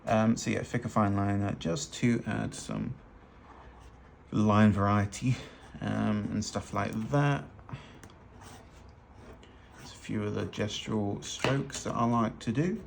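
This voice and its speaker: He takes it slowly, his creaky, low-leaning voice full of lively intonation. While drawing, the man gives casual tutorial narration on fashion illustration, chatty, loose and self-deprecating. It was recorded with a hands-only overhead camera, and slight background noise is present.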